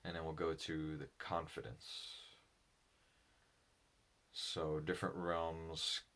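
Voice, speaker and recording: A man speaking alone in a slow, reflective monologue, halting and thoughtful, with a low voice. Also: monotone, a bit bright. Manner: halting, thoughtful, with pauses and restarts. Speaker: solo speaker on personality psychology.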